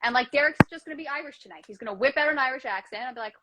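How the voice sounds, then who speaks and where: A woman's voice: sits high, very fast, hardly any pauses, very noisy. A woman hosting a casual chat over a video call, playful and chatty with lots of "like". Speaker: host.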